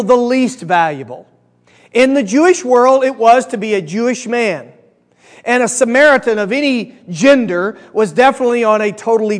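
A male preacher delivering a sermon, animated and coaxing the audience to repeat lines after him. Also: high-pitched, in a large hall.

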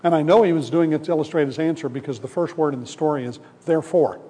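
Male preacher, storytelling sermon, warm mellow tone, echoing hall. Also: on the high side, fast, slight background noise. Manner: conversational storytelling, acts out voices in the parable. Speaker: pastor. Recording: long hall reverb.

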